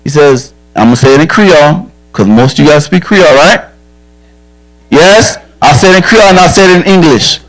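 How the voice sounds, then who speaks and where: Man, police officer, somewhat high voice, direct, earnest, frank, safety talk to kids. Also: expressive, a little fast, low-quality recording. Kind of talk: safety talk to children at a church camp.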